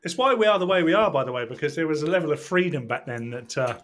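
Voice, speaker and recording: A man's voice: fairly high pitch, animated, fast talker, fairly bright tone. A man co-hosting a casual political podcast, laughing often and trading wry banter. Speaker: podcast co-host.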